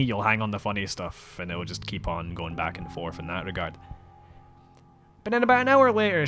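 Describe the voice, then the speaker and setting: A man's voice: fairly low pitch, sharp tone. A man hosting his own podcast, telling rambling, profane, wry stories in a casual way. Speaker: podcast host. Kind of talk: casual solo storytelling.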